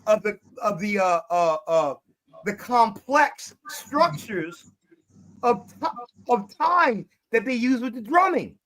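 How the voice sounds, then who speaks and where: This Detroit-based podcast host has a mid-range, slightly bright voice. In a casual streamed discussion he makes his points emphatically, tails off into fillers, and comes back hard on the point. It is a rough recording.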